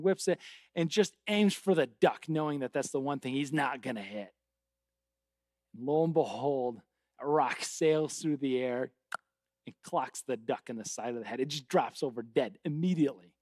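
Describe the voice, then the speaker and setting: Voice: mid-range voice, moderate pace, darkish tone, dry recording, studio quality. A pastor preaching a sermon, telling a story and building to a fervent appeal.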